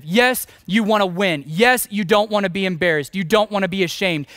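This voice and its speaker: A man's voice: high-pitched, a bit bright, no room sound, clean studio sound. A man in his forties, a pastor preaching a sermon, telling a story with self-mocking humor and strong emphasis.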